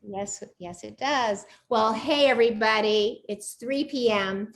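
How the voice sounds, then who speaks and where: A woman's voice: on the high side, unhurried. A woman in her sixties hosting a live online chat show over a video call, bubbly and chatty, laughing often. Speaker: host of a live cooking show interview.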